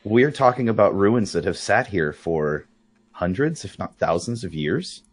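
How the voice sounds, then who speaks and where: A man player speaking in character in a measured, persuasive way. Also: low voice, expressive. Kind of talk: in-character role-play.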